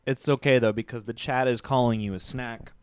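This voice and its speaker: A man's voice: mid-range voice, steady tone, brisk, a little hiss or hum. Joking man reading chat on a live stream. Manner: joking, reads viewer comments aloud.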